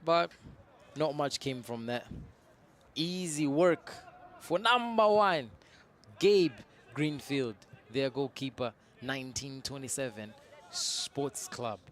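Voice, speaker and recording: A man giving casual, opinionated live play-by-play commentary on an amateur soccer match, breaking into excited shouts when a team attacks. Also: mid-range voice, slow pace. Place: outdoors at a soccer field.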